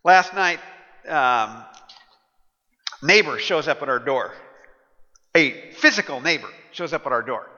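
A man's voice: medium pitch, animated, measured pace, pauses often, pushed and bright. A man, a pastor, giving a casual storytelling sermon full of fillers. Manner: conversational storytelling with frequent fillers. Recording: muffled sound in a large echoing hall.

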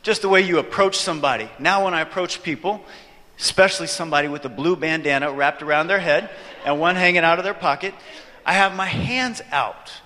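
Male preacher, storytelling sermon; high, bright, animated delivery; reverberant church hall. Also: brisk. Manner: animated, joking with the audience. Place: church hall, before an audience.

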